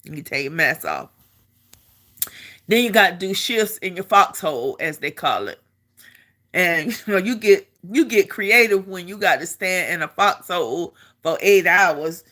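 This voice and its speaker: Middle-aged lady vet telling a story to camera, bright sharp voice, keeps repeating herself, laughs a lot. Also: fairly low pitch, measured pace. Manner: animated, repeats herself, laughs as she talks. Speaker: army veteran telling a story.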